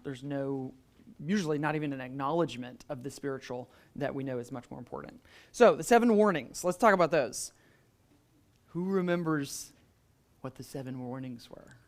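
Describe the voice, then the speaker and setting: Chatty man leading a church class. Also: on the high side. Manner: conversational, many "um"s and restarts, quizzes the class. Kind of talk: adult Sunday school class teaching.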